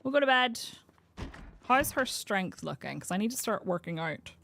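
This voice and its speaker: A woman's voice: mid-range voice, very animated, moderate pace, gravelly, a bit bright, a little hiss or hum. A young Northern Irish woman streaming a survival game, chatting and rambling with frequent laughs. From Northern Ireland. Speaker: variety streamer. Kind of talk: casual live-stream commentary.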